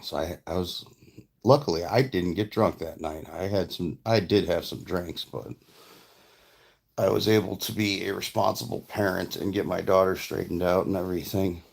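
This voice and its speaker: Deep gravelly-voiced man rambling casually. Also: fairly even intonation, normal speed. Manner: rambling, profane, plainspoken. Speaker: vlogger and father. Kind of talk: casual storytelling vlog.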